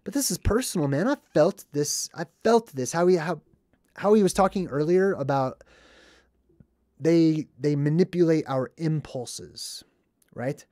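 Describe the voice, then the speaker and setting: An earnest man riffing on a movie in a casual commentary style, drawing out the words he wants to stress. His voice sits somewhat high for a man and sounds dry and close, with no room echo. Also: mellow. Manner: earnest, emphatic, drawn-out stresses on key words.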